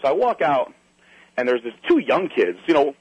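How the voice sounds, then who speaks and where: Husky man telling a wild story. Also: on the high side, moderate pace, no echo, muffled recording. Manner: animated, swearing, mimics others in quotes. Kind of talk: casual anecdote telling.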